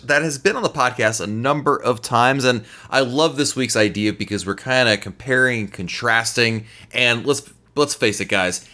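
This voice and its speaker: A man hosting a podcast in a casual, playful, joking manner. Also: medium pitch. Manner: playful, jokey, lively delivery. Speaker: podcast host.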